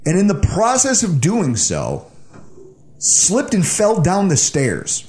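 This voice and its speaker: A man's voice: high voice, huge pitch swings, takes it slowly, darkish tone. A man in his thirties from the Buffalo area, co-hosting a podcast and telling a funny story in a casual, laughing way. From Buffalo, New York area. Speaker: podcast co-host.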